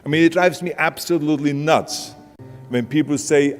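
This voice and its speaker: A man's voice: a little high, moderate pace. Austrian-accented guy giving a pep talk, blunt and punchy, music playing under. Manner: emphatic, blunt, plain-spoken. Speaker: motivational speaker. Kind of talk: motivational speech. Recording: hall reverb with music underneath.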